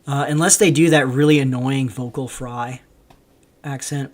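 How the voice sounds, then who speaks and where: A man's voice: mid-range voice, fairly even intonation, unhurried. A man from Canada hosting a livestream, rambling with lots of ums as he reads viewer chat aloud and answers it. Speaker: livestream host. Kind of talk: casual livestream commentary.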